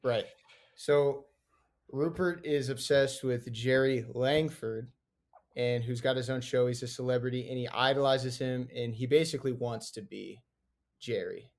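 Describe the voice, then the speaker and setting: A man's voice: medium pitch, steady tone, unhurried. A man co-hosting a podcast, casually explaining a film's premise and why it matters, with some restarts. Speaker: podcast co-host. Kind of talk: casual film discussion.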